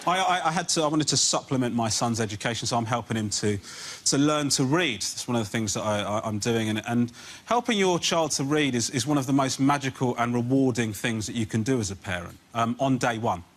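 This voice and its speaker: A man's voice: mid-range voice, fairly quick, background noise. A man doing a stand-up routine as a comedian on a TV panel show, with a ranting, sarcastic, exasperated delivery. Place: TV studio.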